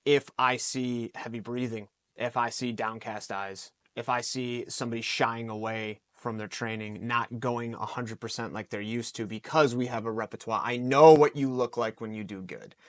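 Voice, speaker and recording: A man in his forties speaks as a coaching guest on a podcast, launching into vivid stories and slipping into quick acted-out lines of dialogue. The sound is dry and close, with no room around him. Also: medium pitch, dry recording. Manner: animated, storytelling with acted-out quotes. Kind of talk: podcast interview answers.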